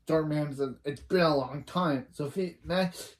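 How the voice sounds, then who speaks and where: A man's voice: a little high, moderate pace. A man retelling a movie scene by scene in a rambling way, reciting each character's lines after "he says" and often correcting himself mid-sentence. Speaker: reaction channel host.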